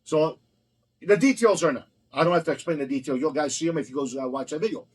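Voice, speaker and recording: Telling stories in a casual conversation, a restaurant owner gets blunt, profane and heated. His voice sits on the high side with lively intonation, he talks fast, and the recording is rough.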